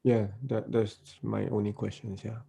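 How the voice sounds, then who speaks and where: A man's voice: lowish voice, little pitch movement, normal speed, gravelly, warm tone. A man on a video call tentatively asking a question, searching for his words.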